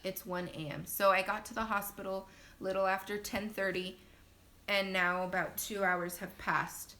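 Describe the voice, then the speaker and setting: A young woman casually telling her birth story on a phone live stream, chatty and laughing often, acting out quotes in sudden loud high bursts. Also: little pitch movement, moderate pace. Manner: laughs often, many fillers.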